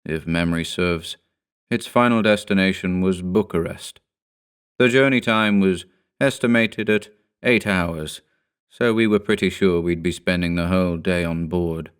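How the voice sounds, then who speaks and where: A man with a low, smooth and resonant voice reads a horror tale aloud. His delivery is measured and somber, paced like scripted first-person storytelling. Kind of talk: scripted narration.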